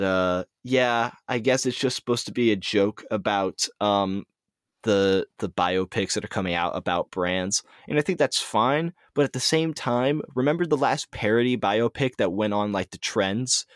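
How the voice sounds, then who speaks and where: Low-voiced man chatting on a podcast. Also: fairly bright tone, no room sound, studio quality. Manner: hesitant, many ums and restarts. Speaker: podcast co-host. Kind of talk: casual chat, relaying movie news.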